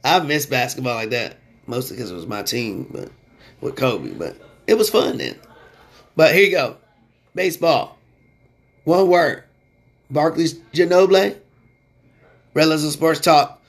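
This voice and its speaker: A man hosting a sports podcast in a casual, slangy way, getting loud and excited when he rants. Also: medium pitch, normal speed, breathy edge.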